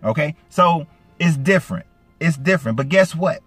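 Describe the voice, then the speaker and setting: Animated Georgia man with a light Southern accent. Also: moderate pace, slightly rough, no echo. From Atlanta, Georgia. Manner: animated, emphatic, swings from low asides to raised indignant peaks. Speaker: YouTube commentator. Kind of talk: casual commentary. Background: faint background music.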